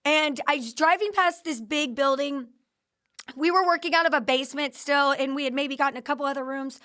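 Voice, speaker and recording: A woman podcast host tells her company's founding story in a casual interview, animatedly acting out the quoted dialogue. Her high voice is bright and forceful, and she speaks briskly.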